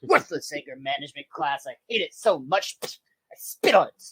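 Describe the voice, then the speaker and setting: A podcast host putting on a bad German accent to voice an angry male gymnastics coach who growls and shouts. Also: lively intonation, normal speed, husky. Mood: grumbling. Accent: bad put-on German. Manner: growling, shouting, pitch jumps high.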